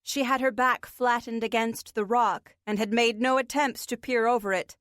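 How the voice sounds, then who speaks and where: A woman narrating a fantasy audiobook in a measured, expressive way. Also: fairly high pitch, no room sound, clean studio sound. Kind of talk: scripted fiction narration.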